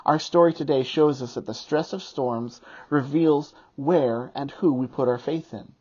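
A pastor preaching a sermon and reading scripture aloud in a measured cadence. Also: medium pitch, darkish tone, husky, muffled recording.

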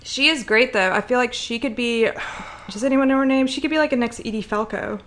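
Chatty giggly woman, mid pitch. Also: fairly bright tone, a little hiss or hum. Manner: chatty, giggly, quick asides. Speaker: podcast co-host. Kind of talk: casual chat.

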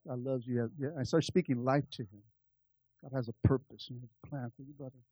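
A pastor telling a personal story in a sermon, moving between quiet, confiding asides and loud, lively peaks. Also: male voice, mid-range voice, brisk, slightly rough, no echo. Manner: animated, swings from soft asides to loud climaxes.

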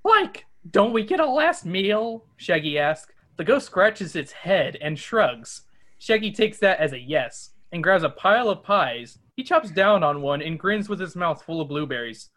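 A man hosting a podcast, reading a children's adventure book aloud with animated asides and character voices. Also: fairly high pitch, moderate pace.

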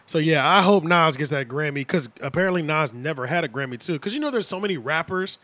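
A man with a slightly higher voice hosts a relaxed podcast conversation. He talks in slangy, lively bursts and acts out quotes from others. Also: fast talker, dry recording. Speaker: podcast host. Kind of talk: casual chat.

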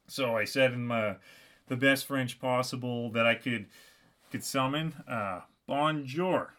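A man hosting his own podcast, telling a comedic story in a deadpan, halting way with lots of restarts. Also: medium pitch. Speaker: podcast host.

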